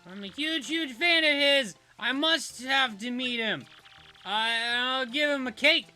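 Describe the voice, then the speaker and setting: A man's voice: very high voice, unhurried, faint music behind, pitched above the performer's own voice, full character voice. A man voicing a gushing young woman who is a breathless, star-struck fan. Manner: breathless, squealing excitement.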